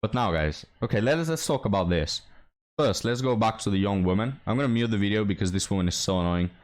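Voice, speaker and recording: A man's voice: fairly low pitch, animated, fast. A young man hosting a reaction commentary, sarcastic and mocking, talking straight to his viewers. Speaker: commentary host.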